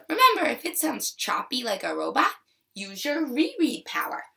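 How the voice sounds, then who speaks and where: A woman teacher giving a slow, expressive, encouraging video reading lesson to young children. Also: medium pitch, creaky, far from the mic.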